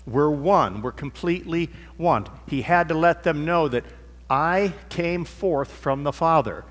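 A man's voice: fairly high pitch, measured pace. Man preaching in a reverberant hall. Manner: conversational, varies emphasis on words. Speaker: pastor. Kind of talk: sermon.

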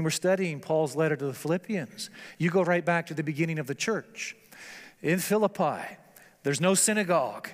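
A man preaching a sermon whose delivery swings from loud declarations down to hushed, low tones. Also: in a large hall.

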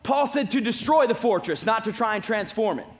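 A pastor delivers a sermon with a strikingly high-pitched male voice. He preaches emphatically, hammering home his points through repetition, as if speaking in a church. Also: expressive, a little fast. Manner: emphatic preaching with repeated phrases.

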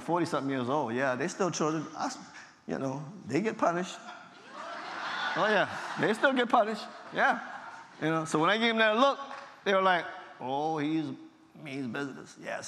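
Middle-aged pastor, animated storyteller who plays all the voices, slightly high voice, big reverberant hall. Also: male voice. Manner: animated storyteller acting out dialogue, laughing at himself. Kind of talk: storytelling testimony talk. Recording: long hall reverb from a large venue.

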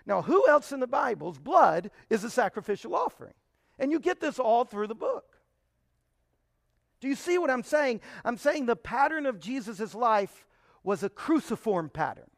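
High-voiced man teaching the Bible. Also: very animated, normal speed, creaky, no echo, studio quality. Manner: emphatic, asks rhetorical questions.

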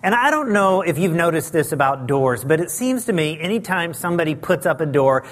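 High-voiced man preaching to a church. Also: very animated, fairly quick. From Southern California. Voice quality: high, light voice. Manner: warm, self-deprecating, chatty with fillers. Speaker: guest pastor. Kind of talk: sermon. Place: church sanctuary.

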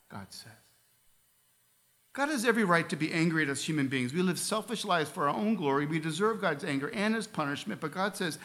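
A man's voice: a little high, expressive, normal speed, pauses often, sharp tone. A man preaching a sermon as a pastor, earnest, with casual asides and light humor.

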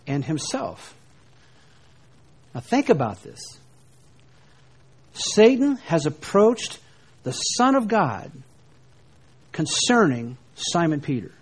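A preacher teaches a sermon on scripture, reading verses aloud slowly and deliberately with dramatic pauses. His voice is fairly high.

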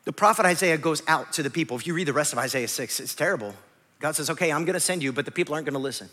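A male pastor preaching a sermon dramatically, swinging between loud bursts and hushed, quiet passages. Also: fairly high pitch, racing, long reverb tail.

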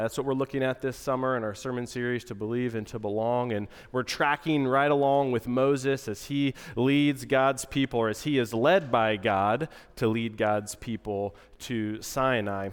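A male pastor with a stuffy, nasal voice from a cold, preaching in a relaxed, conversational way with asides. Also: medium pitch, clean tone, long reverb tail. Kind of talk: sermon.

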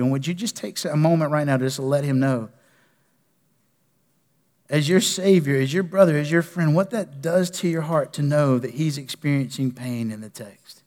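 A man preaching a sermon as pastor, moving between passionate declarations and soft, pleading prayer. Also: on the high side, normal speed. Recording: long reverb of a church hall.

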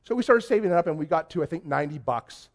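A man preaching a conversational sermon to his congregation, telling stories in an excitable, chatty way. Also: fairly high pitch, quick pace. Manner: chatty storytelling, excitable, many restarts. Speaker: pastor. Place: church before a congregation.

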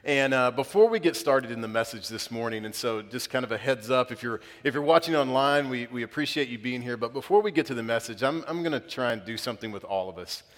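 A man, preaching a sermon and leading prayer, earnest and building to emphatic peaks with halting restarts. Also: mid-range voice. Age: 30s. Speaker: pastor. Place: church auditorium. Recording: long hall reverb.

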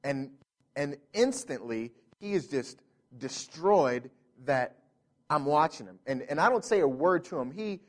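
A man's voice: fairly high pitch, animated, measured pace. A man in his thirties, a pastor telling a family story in a sermon, earnest and full of restarts.

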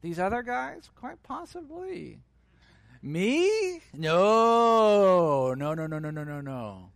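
A pastor voicing an impulsive, loyal male disciple who protests emphatically, with sudden jumps up in pitch. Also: big pitch swings, slow, creaky, dry recording, heavily acted. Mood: protesting.

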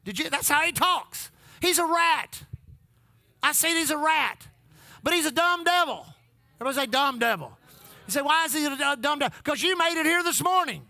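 A man's voice: very high-pitched, animated, moderate pace, gravelly, pauses often, pushed and bright, no echo. A man, preaching a sermon who repeats his phrases and calls out to the congregation. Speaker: pastor. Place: church.

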